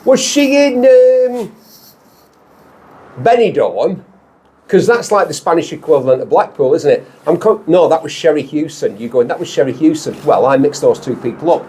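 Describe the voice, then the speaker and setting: A man's voice: on the high side, expressive, a little mellow, breathy edge. A man with a Lancashire accent hosting a car show, chatting and joking in a moving car. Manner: jokey, rambling, quick to laugh. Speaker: host. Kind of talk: casual banter in a car.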